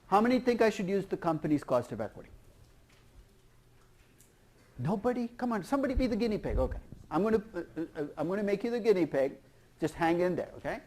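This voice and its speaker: A man lecturing a university class, lively and putting questions to the students. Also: sits high, fast, long pauses. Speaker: professor.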